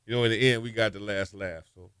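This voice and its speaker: A man's voice: on the low side, steady tone, fast, a bit bright, clear, resonant tone, no echo, studio quality. A man in his fifties, a former college quarterback, telling game stories in a casual interview and laughing as he goes.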